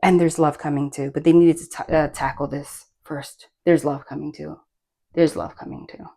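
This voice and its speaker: A woman's voice: low voice, normal speed, creaky. A woman giving a casual spoken tarot reading, chatty and rambling, with many fillers and restarts. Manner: bursts of laughter and excited asides. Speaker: tarot reader.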